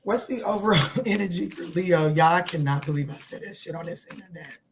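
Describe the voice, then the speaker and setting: A woman giving a casual tarot reading, talking in a chatty, animated way, swearing and joking with her viewers. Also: fairly low pitch, brisk, gravelly, a little hiss or hum. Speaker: tarot reader.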